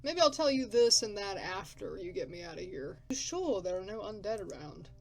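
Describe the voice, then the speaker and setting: Gruff, grumbling male scavenger in a game, read by a woman, blunt and coarse, mid-pitched. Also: expressive, normal speed, a little mellow, close to an everyday voice. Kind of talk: reading game dialogue aloud.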